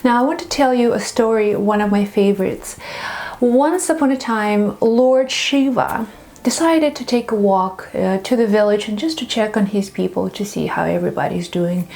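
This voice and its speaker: A woman's voice: mid-range voice, warm tone. A woman spiritual teacher telling a parable expressively, slipping into whispers. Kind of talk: storytelling talk.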